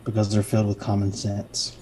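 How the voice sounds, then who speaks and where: A speaker telling dad jokes in a casual chat, delivering the punchlines in a flat, matter-of-fact way. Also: low voice, fairly quick, a little hiss or hum. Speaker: joke teller in a try-not-to-laugh game. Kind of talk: casual joke swapping.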